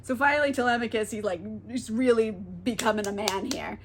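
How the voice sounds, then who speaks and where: A woman's voice: fairly high pitch, a little fast, a little hiss or hum. A young woman, a little tipsy, retelling a classic book in a casual, profane, rambling way. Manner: profane, rambling, lots of fillers. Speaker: book vlogger.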